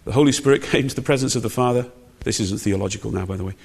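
Preacher, emphatic, in a reverberant hall. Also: male voice, medium pitch, racing, vocal fry, a little mellow, breathy edge. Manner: emphatic, conversational preaching with rhetorical questions. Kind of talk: sermon.

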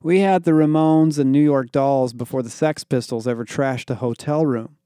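A man voicing an aloof punk teenage boy who speaks in a low, slow, solemn deadpan in an audio fiction reading. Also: smooth, dry recording, studio quality, close to an everyday voice. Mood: deadpan scolding.

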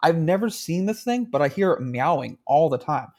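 A man's voice: a little high, very animated, normal speed, a little mellow. A man co-hosting a podcast in casual chat, laughing often and swearing freely. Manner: laughing, crude banter. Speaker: podcast co-host. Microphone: handheld mic.

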